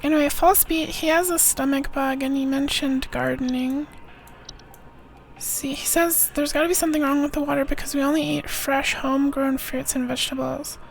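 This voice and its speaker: A young woman streaming a game, reading text aloud, giggling and thinking out loud. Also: high-pitched, fairly even intonation, normal speed, vocal fry, faint music behind. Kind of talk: live game stream commentary.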